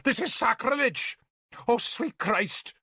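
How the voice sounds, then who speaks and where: A man's voice: medium pitch, expressive, normal speed, a bit bright, no room sound, studio quality. A man voicing a pompous, greedy male bishop who wails and shrieks melodramatically, in an audiobook. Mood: outraged. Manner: melodramatic wailing, shrieking pleas. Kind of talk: audiobook character voice.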